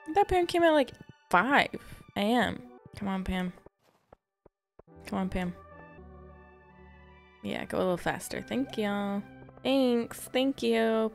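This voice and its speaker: Chatty woman narrating her gameplay. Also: a little high. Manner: chatty, self-deprecating, exclaims often. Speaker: gaming YouTuber. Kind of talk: casual let's-play commentary. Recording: faint background game music.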